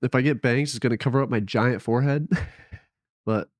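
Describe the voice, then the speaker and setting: A man's voice: medium pitch, a little fast, no room sound, studio quality. A young man vlogging casually from home on a headset mic, rambling and hesitant, often trailing off and poking fun at himself. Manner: rambling, hesitant, self-deprecating. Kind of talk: casual late-night vlog.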